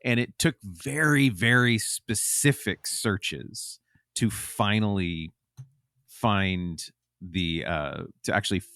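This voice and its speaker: A man's voice: lowish voice, takes it slowly, bright, forceful tone, no room sound, clean studio sound. A man chatting as a podcast guest, rambling with lots of ums and restarts. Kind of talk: casual chat.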